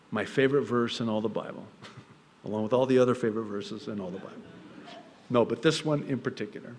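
A male pastor preaching a sermon, telling the story in a lively way and acting out the characters' quoted lines. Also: mid-range voice, gravelly. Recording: long reverb of a large hall.

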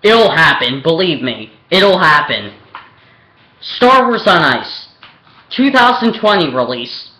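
Young vlogger, slow and rambling with lots of ums; recorded in a reverberant room. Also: medium pitch, big pitch swings, bright, forceful tone. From Pennsylvania, USA. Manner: rambling, hesitant, with many ums and restarts. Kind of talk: opinionated film rant. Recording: echoey room.

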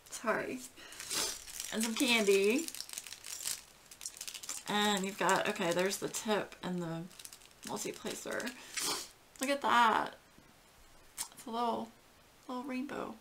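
A woman hosting a casual craft unboxing, gushing and getting emotional with breathy exclamations. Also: fairly high pitch, a bit bright, slight background noise. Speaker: craft channel host.

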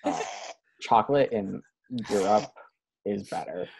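A man's voice: on the low side, measured pace, creaky, background noise. A young American man co-hosting a casual podcast, bantering in a dry, defensive way. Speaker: podcast co-host. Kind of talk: casual chat.

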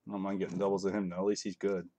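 A man's voice: low-pitched, little pitch movement, very fast, mellow. Chatty man calling out trading cards. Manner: rambling and chatty, calling out cards as he opens packs. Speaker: card break host. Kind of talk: casual live-stream commentary.

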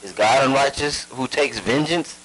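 A man reading scripture aloud at a steady, measured pace during a sermon. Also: medium pitch, slight background noise, low-quality recording. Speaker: scripture reader.

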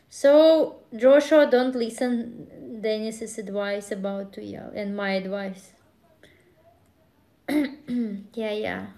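Slow-talking woman streamer chatting casually. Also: medium pitch, warm tone. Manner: rambling, laughing, with acted outbursts. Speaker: live streamer. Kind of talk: casual chat with viewers.

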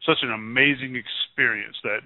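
A man on a call-in show, telling a religious testimony in a rambling, excited way with many restarts. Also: medium pitch, moderate pace, no room sound. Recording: tinny phone-line radio sound.

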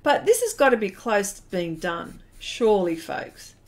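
A woman's voice: mid-range voice, sing-song, normal speed. A middle-aged Australian woman chatting casually while drawing on a live stream, laughing often and reading chat messages aloud. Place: home studio shed.

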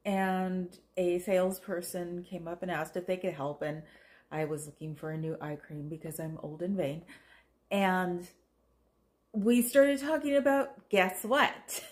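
A woman's voice: lowish voice, darkish tone. Tired, rambling middle-aged woman from Oakland. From Oakland, California. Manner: meandering, chatty, self-deprecating. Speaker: vlogger. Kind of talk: casual rambling chat.

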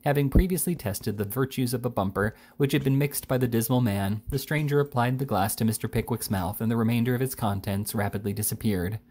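A man reading a classic novel aloud in a measured, unhurried way. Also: medium pitch, a little mellow. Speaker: reader.

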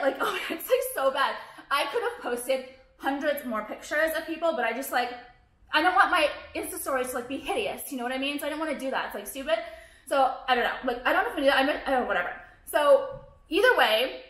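A woman's voice: high voice, sharp tone. A woman in her thirties, a fashion vlogger, ranting bluntly and profanely to the camera, rambling with lots of fillers. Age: 30s. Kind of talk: casual ranting monologue to camera. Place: room at home with white walls. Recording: echoey room.

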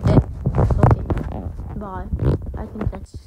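A woman commenting on a mobile game as she plays, thinking aloud, often dropping to whispers and breaking into excited exclamations. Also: mid-range voice, slow pace, vocal fry, heavy background noise. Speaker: gamer. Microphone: phone mic.

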